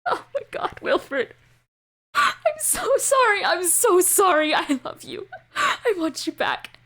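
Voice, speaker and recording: A woman's voice: very high voice, huge pitch swings, slow, fairly bright tone, pitched above the performer's own voice, exaggerated voice. A woman voicing a sobbing, grief-stricken father. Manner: sobbing, pleading, breaking into cries. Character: grief-stricken father digging up his dead son.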